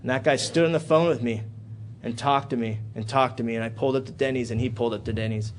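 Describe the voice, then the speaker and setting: A man giving a personal recovery talk at a convention in a hotel room. He swears freely and tells his story dramatically, swinging from loud excited bursts to low, quiet passages. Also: quick pace, slight background noise. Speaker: AA speaker.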